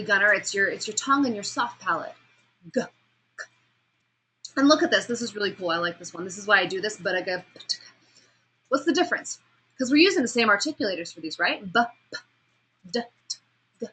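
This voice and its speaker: A woman teaching a speech class, her voice bright and forward with a husky, breathy edge. She talks in an animated way, questions the students, and acts out each sound and change of pace as she explains it. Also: medium pitch, poor audio. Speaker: speech instructor. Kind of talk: classroom lecture on vocal delivery.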